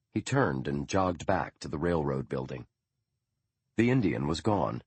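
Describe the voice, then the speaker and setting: Very deep, husky male narrator. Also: no room sound. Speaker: audiobook narrator. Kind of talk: scripted narration.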